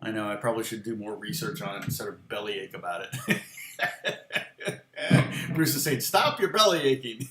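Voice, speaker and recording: A man's voice: mid-range voice, fairly bright tone. An American man giving a casual guitar lesson, rambling and answering viewers' comments as he goes. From United States. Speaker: guitar teacher. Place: home studio. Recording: echoey room with guitar playing.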